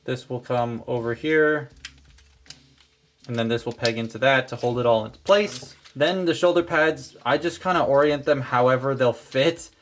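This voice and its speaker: A man's voice: mid-range voice, normal speed, slight background noise. Guy doing a chill toy review, talks you through each fold, normal middle voice. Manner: talks through each step while handling a toy, relaxed and chatty. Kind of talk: casual hands-on toy review.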